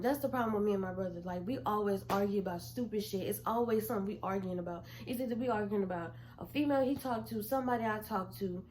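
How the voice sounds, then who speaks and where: A young adult woman telling a storytime in casual chat, animated and blunt, swearing freely as she goes. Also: medium pitch, slight background noise. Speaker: vlogger.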